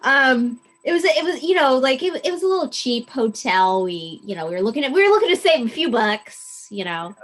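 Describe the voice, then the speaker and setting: A female podcast co-host speaks in a casual, halting way, often reaching for words and starting over. Her voice sits a little higher than most women's. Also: animated, fairly bright tone. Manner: hesitant, heavy on fillers and restarts. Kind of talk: casual chat.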